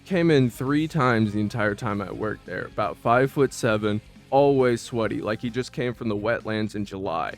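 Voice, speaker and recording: A vlogger reminisces about his previous job in casual, profane, slangy stories, repeatedly stumbling and restarting. His fairly low voice moves at a normal speed with hardly any pauses, and faint music sits in the background.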